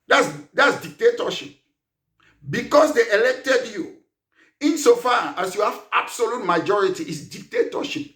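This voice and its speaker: A man's voice: high-pitched, a bit bright, reverberant. A man leading a political party, delivering an emphatic political monologue full of rhetorical questions. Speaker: party leader.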